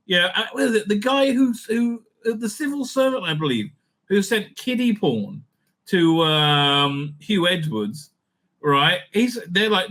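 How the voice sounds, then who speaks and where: A man hosts political commentary in a bright, fairly high voice. He stumbles through fillers and restarts, and his tone turns sarcastic and indignant as he reacts to each clip. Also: big pitch swings. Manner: halting, full of fillers and restarts. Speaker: host.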